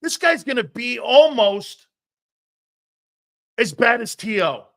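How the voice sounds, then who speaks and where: A fired-up man delivers a profane sports rant, hammering his points home with heavy emphasis. His voice sits high for a man and leaps up and down with animated swings. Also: slow, creaky. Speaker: sports commentator.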